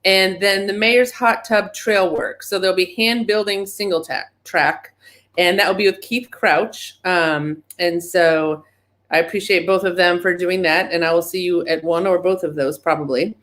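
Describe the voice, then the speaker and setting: A woman announcing club events in a casual meeting over a video call, quick and upbeat with a joking touch. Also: fairly low pitch, steady tone, fairly bright tone. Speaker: events presenter.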